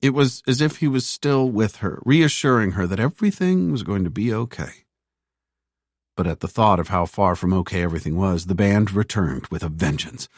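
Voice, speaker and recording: A man reading an audiobook in measured, even, scripted narration. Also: lowish voice, dry recording, clean studio sound.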